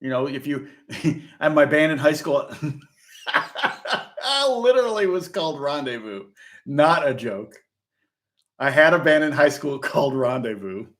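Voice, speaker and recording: A man's voice: on the high side, sing-song, measured pace, long pauses, a bit bright. Rambling, chuckling middle-aged man. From Indiana, USA. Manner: rambling, chuckles often, many fillers and restarts. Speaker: guitar teacher. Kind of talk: casual live-stream lesson chat.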